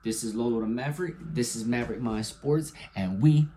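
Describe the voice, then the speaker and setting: A young man talks through his weekly football picks in a loose, unscripted monologue. He swears freely and bounces between loud bursts of hype and low, trailing mutters. A faint background hiss sits under his mid-pitched voice. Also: fairly quick. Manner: hyped and profane, swinging from loud excitement to low mumbles. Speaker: sports picks vlogger. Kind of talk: casual sports prediction monologue.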